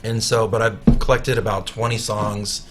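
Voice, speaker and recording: Man, musician guest, casual radio chat, self-mocking, halting, faint guitar behind. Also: on the low side, level tone. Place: radio studio.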